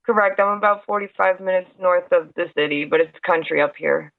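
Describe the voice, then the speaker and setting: A woman's voice: lowish voice, fairly quick, creaky, no echo. A woman with a New York accent, a friendly guest talking casually over a video call. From Hudson Valley, New York. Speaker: interview guest. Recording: tinny internet call audio.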